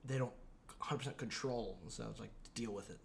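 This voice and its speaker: A man's voice: medium pitch, brisk, creaky, a little hiss or hum. A man co-hosting a casual comedy podcast, rambling and laughing, slipping into mock voices now and then. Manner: rambling, laughs often, mimics accents. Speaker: podcast co-host.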